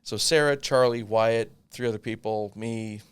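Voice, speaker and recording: A man in his thirties telling a long personal story in casual chat, animated and swearing freely. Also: on the low side, normal speed, smooth. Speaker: podcast co-host.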